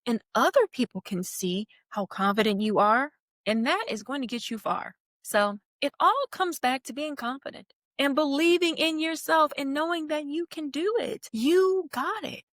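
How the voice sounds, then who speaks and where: A woman's voice: high voice, lively intonation, normal speed, a bit bright, no echo, studio quality. A young woman hosting her own podcast, talking in a casual, upbeat and encouraging way. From California. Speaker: podcast host. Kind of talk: casual solo podcast talk.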